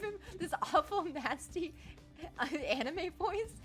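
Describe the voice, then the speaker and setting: A woman's voice: high-pitched, big pitch swings, unhurried, fairly bright tone. A young woman voice actor chatting casually on a game stream, laughing often and swearing now and then. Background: faint game music.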